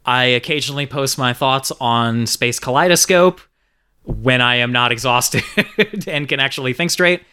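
A man talks casually as a podcast guest, rambling a little and poking fun at himself. His voice is bright and smooth. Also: medium pitch, moderate pace. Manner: self-deprecating, rambling. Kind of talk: casual chat.

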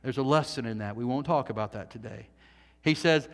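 A man preaching a sermon to his congregation, swinging between loud, animated passages and hushed asides, and adding jokey remarks along the way. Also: mid-range voice, brisk. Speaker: pastor. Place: church sanctuary. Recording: long hall reverb.

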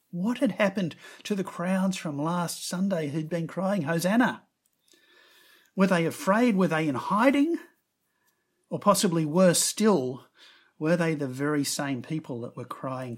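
Husky-voiced man preaching a sermon. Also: on the high side. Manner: expressive storytelling, raising his voice for quoted words.

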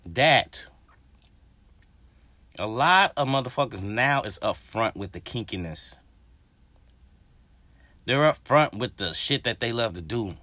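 On his own podcast, a man rants casually and profanely, animated and speaking directly to his listeners. His voice is medium-pitched and slow, with long pauses and no echo.

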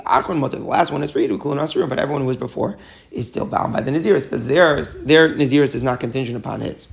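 A man with a fairly high voice and vocal fry teaches a Talmud lesson, reading short Hebrew and Aramaic phrases and explaining each one in English. As he explains, he often restarts sentences and repeats words.

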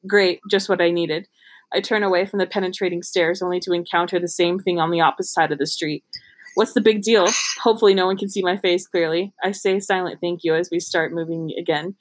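A woman's voice: fairly low pitch, fairly even intonation, quick pace. A woman reading a romance novel aloud in a casual, giggly way, stumbling and restarting over words. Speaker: reader.

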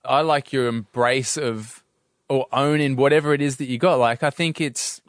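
A man's voice: medium pitch, steady tone, normal speed, no echo, studio quality. A man hosting a conversation, asking questions and reflecting supportively. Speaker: interviewer host. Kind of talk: casual chat.

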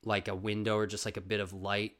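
A young man with a fairly low voice tells a casual story on his podcast and swears freely. He swings from loud, excited bursts down to low, muttered asides. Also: quick pace. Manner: profane, animated storytelling with sudden loud bursts and quiet asides. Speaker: podcast host.

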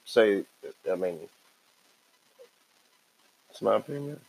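A man's voice: on the low side, lively intonation, slow pace, creaky, a little mellow, poor audio. A man co-hosting a casual chat, blunt and opinionated, swearing now and then.

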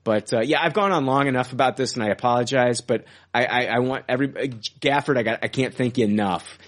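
A man of middle pitch chatting casually as a podcast co-host. He speaks with enthusiasm, stumbling and repeating words as he gushes about films. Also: quick pace. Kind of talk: casual chat.

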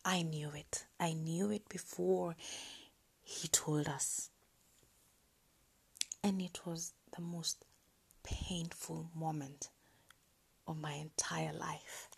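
A woman telling a personal story on her podcast in a soft, breathy, near-whispered voice, hesitant and halting with many pauses. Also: deep voice, fairly even intonation.

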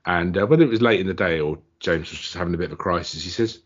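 In muffled lo-fi audio, a man with a low, slightly rough voice talks in rapid-fire fashion as a podcast co-host. He spins stories in casual chat and brings the quotes to life by acting them out.

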